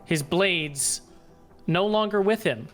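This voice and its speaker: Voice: mid-range voice, slow, faint music behind. A game master narrating a tabletop fantasy game with plenty of swearing and laughter. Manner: profane, laughs while narrating.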